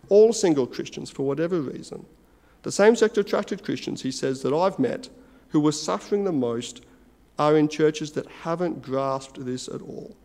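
A man preaching a sermon in an earnest, measured way, pausing between phrases. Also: a little high, warm tone, long reverb tail.

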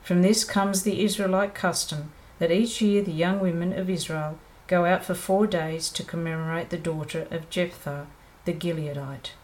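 Brief: church Bible reader, mid-pitched, even and measured delivery. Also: poor audio. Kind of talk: scripture reading.

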